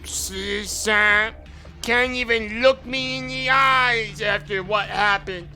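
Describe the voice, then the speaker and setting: A sneering, bitter drunk of a brother-in-law, as a man reads him out from a game. Lines come slow, pointed and louder than the rest of the talk, in a fairly high, bright voice. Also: steady tone, full character voice.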